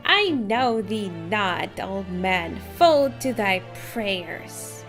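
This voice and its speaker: A woman voicing a theatrical man who declaims slowly and grandly as she reads game dialogue. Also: medium pitch, big pitch swings, music in the background, exaggerated voice. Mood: declaiming. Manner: slow, declaiming.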